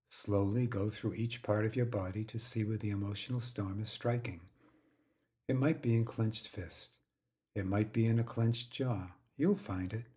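A man voicing a calm, patient woman friend who speaks softly but firmly. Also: fairly low pitch, lightly acted. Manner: soft but firm.

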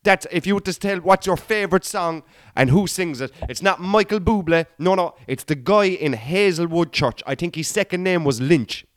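His podcast monologue comes in a high voice at normal speed: a Cork comedian in his thirties, rambling chattily through stories and talking directly to listeners as "guys" and "boy." The recording is dry and studio-clean.

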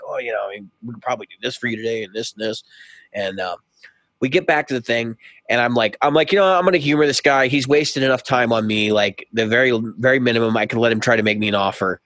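Animated man telling a story, dry sound. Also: medium pitch, fast, no room sound. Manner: animated, acts out both sides of a conversation. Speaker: podcast co-host. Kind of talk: casual storytelling chat.

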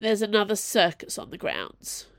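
A woman's voice: mid-range voice, sing-song, moderate pace, a bit bright, no room sound, clean studio sound, pitched above the performer's own voice. A woman doing a whiny teenage circus girl. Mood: grumbling. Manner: whiny, sulky complaining.

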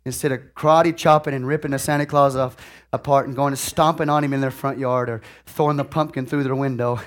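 A man preaches in a fairly high voice, telling folksy stories to his congregation. He swings between loud, excited bursts and quiet, confiding asides, and keeps asking the room if they follow him. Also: fast. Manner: animated storytelling with big swings in loudness and sudden outbursts; folksy and conversational, often checking in with the audience. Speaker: pastor.

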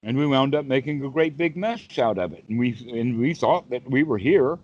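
A man's voice: mid-range voice, expressive, moderate pace, a little mellow. Folksy man telling a story on a call. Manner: folksy, rambling, many fillers. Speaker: dharma teacher. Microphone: video call. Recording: dull, dry video call audio.

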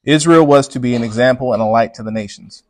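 Guy preaching a sermon, punchy stress on words, mid-pitched voice, chats with the crowd. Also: fast talker, no echo. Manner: emphatic, punches key words, talks with the congregation. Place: church with congregation.

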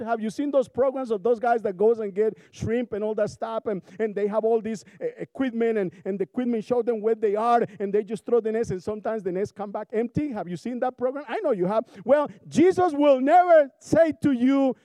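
High-voiced preacher with a Spanish accent. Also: male voice, normal speed, no room sound. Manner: animated, joking, rhetorical questions to the congregation. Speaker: pastor. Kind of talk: sermon.

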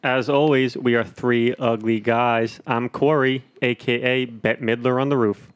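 A man co-hosting a casual home-recorded podcast, excitable and swearing freely. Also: medium pitch, measured pace, smooth. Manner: excitable, profane. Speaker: podcast co-host. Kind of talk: casual chat.

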